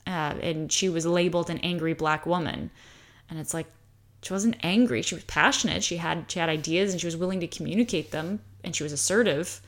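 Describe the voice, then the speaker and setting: An American woman talks through her subject in a relaxed, unscripted monologue. Her voice sits a little low, yet she is lively and jumps up in pitch whenever she mimics what others might say. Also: fairly quick. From United States. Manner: animated, acts out quoted voices with pitch jumps. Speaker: host talking about high sensitivity. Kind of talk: casual explanatory monologue.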